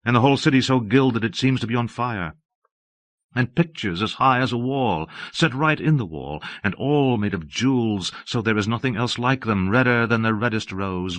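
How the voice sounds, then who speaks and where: Calm patient old abbess read by a man, low soft voice, even and measured, audiobook. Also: no echo, natural voice. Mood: earnest.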